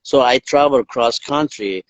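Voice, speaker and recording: A man's voice: medium pitch, a little slow, dry recording, muffled recording. A man from northern Iran with a Persian accent, telling his stories in broken English as a guest on a video call livestream. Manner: broken English, animated storytelling. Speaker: guest, endurance athlete. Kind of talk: casual interview storytelling.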